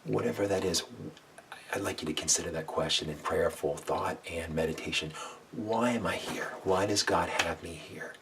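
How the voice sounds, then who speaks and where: Deep-voiced man giving a devotional sermon. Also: moderate pace, creaky. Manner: earnest, asks listeners to repeat lines aloud, drops to a whisper for God's voice. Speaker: pastor. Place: home room with a window. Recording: slightly distant mic, faint background noise.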